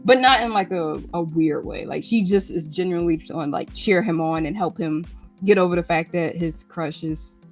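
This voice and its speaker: A woman with a fairly low voice chats casually on a live radio stream. Her delivery is animated, with sudden jumps into acted lines. Faint music plays underneath. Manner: animated, acts out characters' lines in quick bursts. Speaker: radio show host. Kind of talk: casual chat recapping manga.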